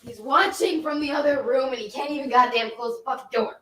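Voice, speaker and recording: A woman's voice: high-pitched, fast, background noise. A woman in her twenties, a college student vlogger, talking emotionally and swearing often while drinking. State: drinking, tipsy. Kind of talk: casual vlog chat.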